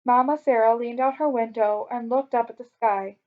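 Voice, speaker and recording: A woman reading a children's story aloud in a clear, expressive way. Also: fairly high pitch, normal speed. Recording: dull lo-fi recording.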